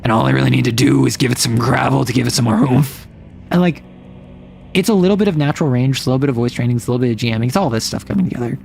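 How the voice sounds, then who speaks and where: Non-binary streamer, young adult, gravelly voice, rambling casual chat, middle pitch. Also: lively intonation, racing, a little mellow. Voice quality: some gravel in the voice. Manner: rambling, chatty, playfully shifts voice register.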